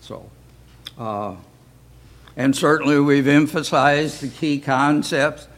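Slow-spoken man leading a Bible study. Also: on the high side. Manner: slow, folksy, asks rhetorical questions. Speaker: Bible class teacher. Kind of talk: informal Bible study talk.

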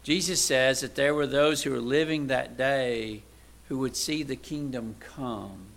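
A gravelly-voiced man preaches at a measured pace, keeping the tone conversational. He asks rhetorical questions and moves between loud, emphatic lines and quiet, low asides.

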